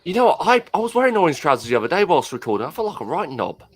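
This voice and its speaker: A man's voice: on the high side, sing-song, racing. A trucker in casual chat, trading teasing banter with his friends. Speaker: truck driver.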